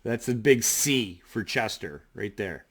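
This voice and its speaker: A man vlogging from his home desk, telling a story in a rambling, excitable way, full of fillers and the odd swear word. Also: lowish voice, measured pace. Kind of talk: casual storytelling to camera. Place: home desk in front of a computer.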